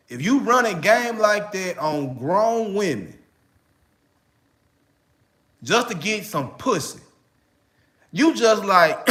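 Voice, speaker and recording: A man's voice: a little high, a bit bright. Man, Memphis accent, getting over a cold, slangy casual commentary, keeps saying "you know what I'm saying". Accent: Memphis, Tennessee. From Memphis, Tennessee. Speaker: online relationship coach.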